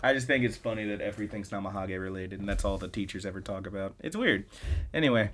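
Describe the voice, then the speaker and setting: A man's voice: on the low side, quick pace, a bit bright. A man hosting a podcast, recapping episodes in a loose, chatty way and swearing casually. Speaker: podcast host.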